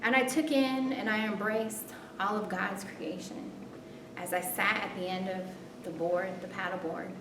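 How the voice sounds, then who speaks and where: A woman performing a spoken story, expressive, her voice jumping high in tense moments and softening when reflective. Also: normal speed, background noise. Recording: roomy, distant, rumbling background.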